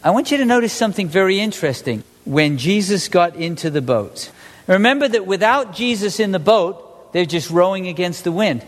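Male pastor, high-pitched, conversational sermon delivery in a reverberant hall. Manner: animated, conversational preaching with rhetorical questions to the congregation.

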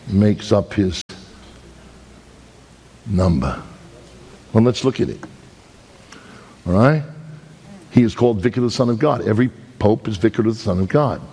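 A man with a Brooklyn accent preaching a sermon, telling stories and pressing his points with big swings in his voice. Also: a little mellow. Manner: storytelling, dramatic swings in pitch, emphatic. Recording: long hall reverb.

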